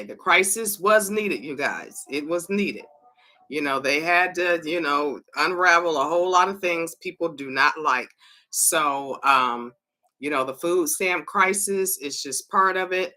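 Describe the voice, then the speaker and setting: A hoarse woman hosts a casual livestream in an unhurried, bright voice. She keeps calling viewers to come on in. Her talk is halting and full of fillers. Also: lowish voice. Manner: repeatedly and eagerly calls viewers to join in. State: hoarse, voice cracking. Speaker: livestream host.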